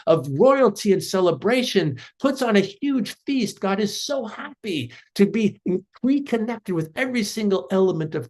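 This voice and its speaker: A middle-aged man giving a spiritual teaching talk as a theology professor, telling stories in an earnest, halting way with many restarts. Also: high-pitched, darkish tone.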